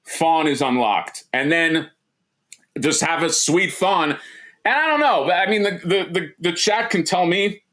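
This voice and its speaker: A man's voice: high-pitched, expressive, unhurried, bright, forceful tone. A man co-hosting a casual livestream chat, rambling and joking with lots of restarts and fillers. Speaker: co-host.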